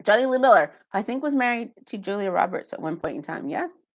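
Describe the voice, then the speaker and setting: A woman's voice: mid-range voice, lively intonation, a little fast. A woman hosting a casual live stream from her home basement, chatting loosely and answering viewer comments one by one, with self-deprecating asides. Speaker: live-stream host reading viewer chat.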